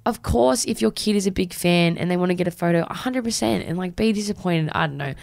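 A young Australian woman co-hosts a podcast from a studio, telling an animated story and acting out the voices she quotes. Her voice sits low, with a gravelly edge. The sound is dry and close to the mic. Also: fast talker, no echo. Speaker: podcast co-host. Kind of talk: casual chat.

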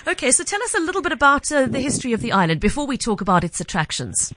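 A woman hosting a radio show, introducing a guest in a measured way with frequent "uh" fillers. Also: sits high, big pitch swings, noisy background. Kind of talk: radio interview.

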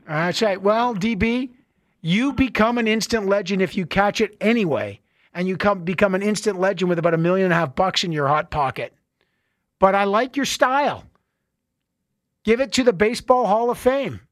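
A man hosting call-in talk radio, joking and laughing with callers in a playful, animated way. His voice sits high for a man and sounds close and dry, with no room around it. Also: no echo. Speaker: radio talk show host.

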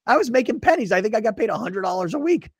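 A male podcast host telling a story in casual chat, animated and acting out the voices of others. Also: high-pitched, very fast, breathy edge, dry recording. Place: studio.

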